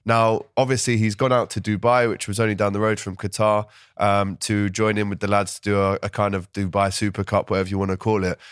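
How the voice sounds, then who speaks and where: A man from with a slightly hoarse voice, hosting a casual football podcast and reading out viewer comments. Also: on the low side, level tone, a little fast, no room sound, studio quality. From London. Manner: chatty, reads out viewer comments. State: hoarse from a cold. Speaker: host.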